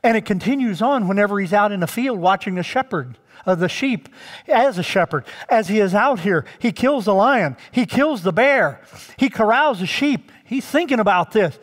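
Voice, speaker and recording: High-voiced pastor preaching in a reverberant church. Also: male voice, expressive, normal speed. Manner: emphatic, draws out key words; addresses the congregation directly. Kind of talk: sermon. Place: church sanctuary.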